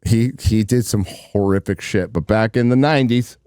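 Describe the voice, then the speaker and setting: A man's voice: lowish voice, normal speed, dark tone, clean tone, no room sound, clean studio sound. A man hosting a livestream, giving blunt, rambling commentary and swearing casually. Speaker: livestream host.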